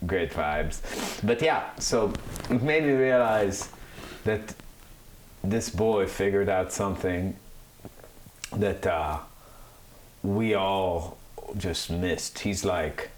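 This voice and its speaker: Casual podcast co-host, lowish voice, rambling talk, echoey room with a faint hiss. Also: male voice, takes it slowly, long pauses. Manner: rambling, animated, mocks Italian accents. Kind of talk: casual chat.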